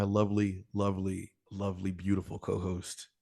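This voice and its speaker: A man hosting a gaming podcast in casual chat, laid-back and quick to laugh. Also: on the low side, darkish tone. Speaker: podcast host.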